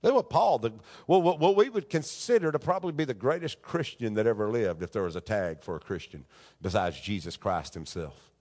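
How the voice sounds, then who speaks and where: A man preaching a sermon as pastor, quoting scripture and building to loud, raspy shouts. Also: fairly low pitch, animated, brisk, in a large hall. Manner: preaching with rising shouts and Bible quotes.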